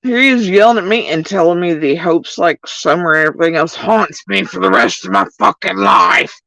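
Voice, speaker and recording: A woman's voice: fairly low pitch, a little fast, gravelly, dry recording, poor audio. A woman livestreamer talking casually to her chat in a profane, heated rant, addressing viewers directly. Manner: profane, animated ranting.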